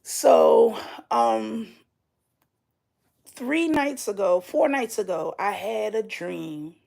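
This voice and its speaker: A woman's voice: a little high, expressive, creaky, darkish tone. A woman telling a personal dream story casually and candidly, swearing freely as she talks. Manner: slow and drawn out. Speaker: vlogger.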